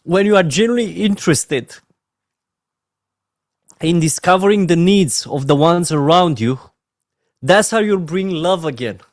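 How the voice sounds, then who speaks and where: An emotional man with a Romanian accent leads a motivational training session, pleading and heartfelt. His voice sits fairly high for a man, and the sound is dry and close. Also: lively intonation, unhurried, long pauses, dry recording. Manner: earnest, emotional, repeats "my friends" softly. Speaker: network marketing trainer.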